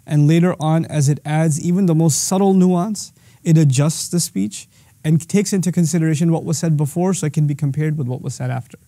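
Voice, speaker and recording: Fast-talking man, dark dry voice. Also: on the high side, dry recording. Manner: explains patiently, quoting verses in Arabic then translating. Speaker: Islamic teacher. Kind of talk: recorded religious lesson.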